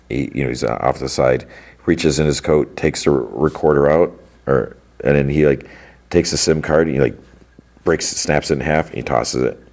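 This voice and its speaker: A man with an extremely deep, low voice talks through his recap in a loose, rambling way. He leans on fillers and "like" as he goes, in the easy tone of a podcast host. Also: darkish tone. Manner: rambling, filler-heavy, lots of "like". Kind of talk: casual recap chat.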